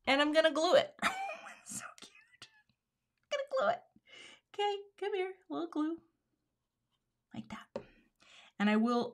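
A woman with a medium-pitched, slightly bright voice hosts a card-making demo live and casually. She talks herself through every step and murmurs little asides under her breath.

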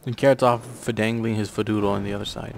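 A man's voice: on the low side, level tone, fast talker, creaky, background noise. A man giving rambling, sarcastic casual commentary on a strategy game, swearing offhandedly. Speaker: gameplay commentator.

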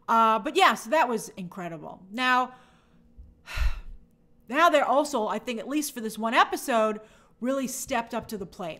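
A woman's voice: mid-range voice, fairly bright tone. A woman hosting a live stream, chatting casually about a TV episode and reading viewers' comments aloud. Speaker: host of a TV and film news show.

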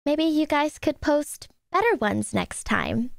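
A woman streamer talks to her chat from a desk at home, her voice high and swinging widely in pitch. She swears freely and sounds exasperated. The mic is close and dry, with no room sound. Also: sing-song, slow, creaky, dry recording. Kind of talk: live stream reaction chat.

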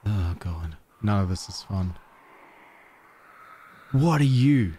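A man giving casual, excitable commentary while playing a game, with panicky outbursts and self-mocking asides. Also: low-pitched, slow, slightly rough. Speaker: gaming let's-play host.

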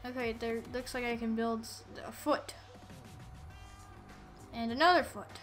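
Excitable high-voiced woman playing a game. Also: measured pace, faint music behind. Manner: excitable, yelling at enemies, playful. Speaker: gameplay commentator. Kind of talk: casual let's-play commentary.

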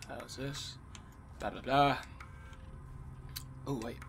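A man with damaged vocal cords talking quietly and low as he commentates a game he is playing, coughing often. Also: slow, vocal fry, slight background noise. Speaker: let's play host. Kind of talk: gameplay commentary. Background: game sounds and music.

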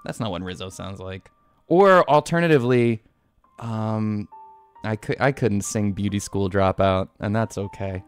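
A man's voice: on the low side, measured pace, clean tone, soft background music. A man streaming a video game live, rambling casually, swearing often and laughing easily.

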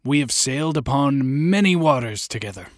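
An actor playing a haunted, brooding sea captain who speaks in stern, commanding, old-fashioned seafaring speech. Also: male voice, medium pitch, animated, normal speed, no room sound, clean studio sound, close to an everyday voice. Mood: grave. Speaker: ship captain. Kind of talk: audio drama acting.

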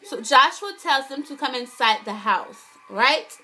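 A young woman vlogging a casual, animated TV recap, swearing a lot and often asking "right?". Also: high-pitched, a little slow.

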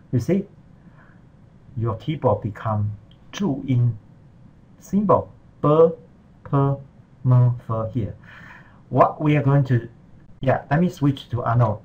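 Slow, patient male Mandarin teacher. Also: medium pitch, animated, slightly rough, muffled recording. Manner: slow, patient walkthrough with non-native English. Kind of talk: screen-recorded tutorial lesson.

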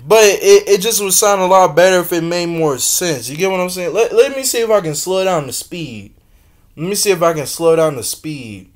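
A young man casually reacting to a music video, talking in slang, swinging between loud exclaims and low mutters, laughing often. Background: faint music from the video being watched.

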